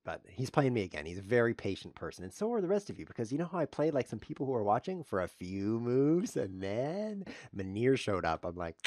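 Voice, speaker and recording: A man's voice: mid-range voice, brisk, few pauses, no room sound, studio quality. A man commentating live while he plays chess online, joking dryly at his own expense and yelping when he blunders. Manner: self-mocking deadpan jokes with sudden yelps over blunders.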